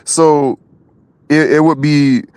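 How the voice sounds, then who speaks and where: A man's voice: on the high side, fairly even intonation, slow, a little mellow, clear, resonant tone, dry recording. A man co-hosting a live stream, talking politics casually, with many restarts and repeated words.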